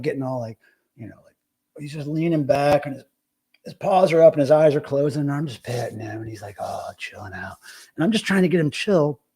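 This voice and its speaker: A man hosting a live stream, telling a story in a casual, profane, excitable rant. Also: mid-range voice, slightly rough. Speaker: live show host.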